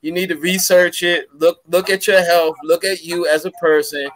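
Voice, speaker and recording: Male talk host, slightly high voice, playful drawl. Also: level tone, moderate pace, fairly bright tone. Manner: drawling, playful, Southern Black vernacular. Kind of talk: casual group chat.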